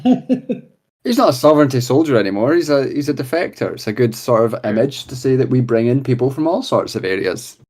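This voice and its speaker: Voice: mid-range voice, sing-song, fairly quick, a little mellow, breathy edge. A tabletop game player chatting casually and bluntly.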